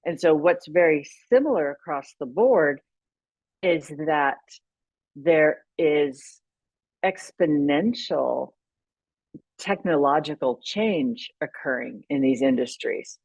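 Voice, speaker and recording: A woman's voice: low-pitched, expressive, slow pace, darkish tone, husky, no echo, muffled recording. A woman guest on a podcast interview, explaining her ideas thoughtfully and often restarting her sentences. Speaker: podcast guest, leadership consultant. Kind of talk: conversational interview.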